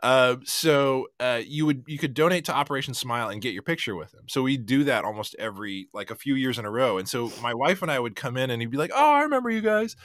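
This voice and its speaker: A man's voice: mid-range voice, fast, hardly any pauses, a bit bright, no echo. Male co-host, rambling storyteller, laughs a lot, dry close studio sound. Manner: rambling, laughs often, acts out quoted dialogue. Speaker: podcast co-host. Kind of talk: casual chat.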